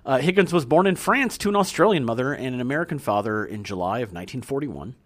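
Lively joking man reading podcast notes. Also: medium pitch, fast. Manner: reads background notes, joking and laughing often. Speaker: podcast co-host. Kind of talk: casual chat about a film.

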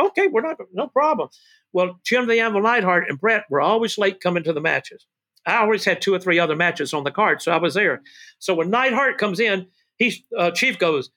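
Telling wrestling stories with animated excitement, this older guest, once a wrestling manager, has a high voice and a brisk pace. He yells "woo" and addresses people as baby and brother.

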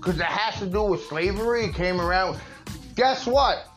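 Heated man, high voice, profane casual rant, echoey room, music behind. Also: animated, normal speed, fairly bright tone. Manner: profane, fired-up, repeats himself.

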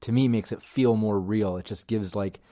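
A man's voice: lowish voice, moderate pace, warm tone. A man co-hosting a tabletop game podcast in casual chat, enthusiastic and rambling. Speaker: podcast co-host and game master.

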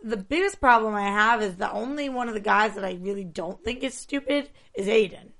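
Female recap panelist, wisecracking, middle pitch. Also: fairly bright tone. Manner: joking, quick asides. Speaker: show panelist. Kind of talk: casual TV recap chat.

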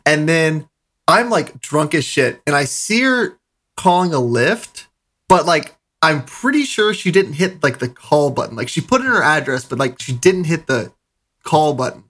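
A man's voice: fairly high pitch, lively intonation, a little slow, a bit bright. Rambling man telling a story. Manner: rambling storyteller, many "like" fillers. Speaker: podcast co-host. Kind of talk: casual chat.

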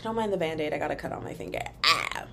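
A woman's voice: deep voice, racing, creaky, darkish tone, slight background noise. A young woman hosting a casual solo podcast, chatty and gossipy, calling her listeners y'all, talking into her computer's built-in mic at home. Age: young adult. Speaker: podcast host. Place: room at home in front of a wall.

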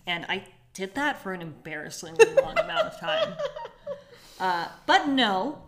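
A woman's voice: mid-range voice, huge pitch swings, a little slow, a bit bright. A young woman co-hosting a casual podcast chat, laughing often and reading out quotes in put-on accents. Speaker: podcast co-host.

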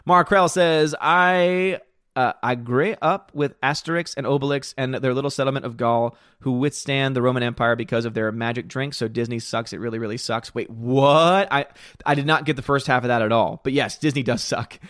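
This man's medium-pitched voice is steady and fairly bright, at a moderate pace, with clean studio sound and no room sound. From his room at home he hosts a movie channel livestream, casually reading viewer comments and answering in an opinionated, rambling way that repeats words.

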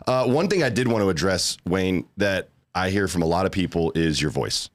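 A man's voice: low voice, moderate pace, no room sound. A man hosting a podcast in a studio, teasing and joking with his guests and laughing often. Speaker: podcast host. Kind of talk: casual chat.

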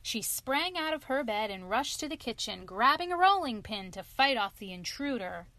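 A woman narrating a children's storybook aloud in a clear, expressive reading. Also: a little high, moderate pace, no room sound.

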